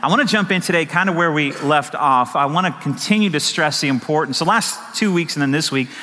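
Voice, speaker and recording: Bright-voiced pastor preaching in a reverberant hall. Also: male voice, a little high, fairly quick. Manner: conversational preaching, rhetorical questions, storytelling. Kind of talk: sermon. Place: church sanctuary.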